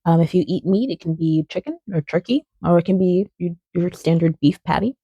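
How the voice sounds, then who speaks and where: A woman's voice: lowish voice, brisk, dark tone, husky, no room sound, dull audio. A young woman talking casually through a film critique, chatty and playful with frequent fillers and tangents. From outside England. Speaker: video essayist. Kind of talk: casual spoken video essay.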